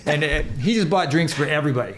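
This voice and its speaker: A man's voice: on the high side, expressive, fast, fairly bright tone, a little hiss or hum. A man who is a podcast guest and former motocross racer, telling a long, rambling, profane story in casual chat and acting out the quotes.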